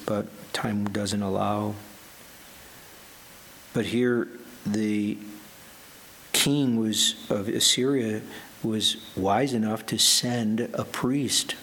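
A man preaching a sermon as pastor, earnest and emphatic, slowing down to stress the scripture he quotes. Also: on the low side, vocal fry, fairly bright tone, slight background noise.

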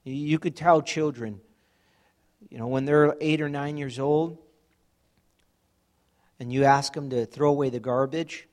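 A man's voice: medium pitch, steady tone, unhurried, long pauses, a little mellow. A man preaching a sermon in a conversational way, acting out everyday examples. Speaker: pastor.

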